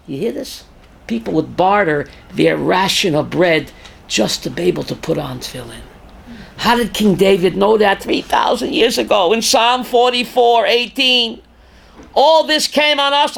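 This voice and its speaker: An older man, a rabbi teaching a class, reads scripture aloud with dramatic force, sometimes shouting, and questions his students. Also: high voice, a little slow, creaky. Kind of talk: Torah class lecture.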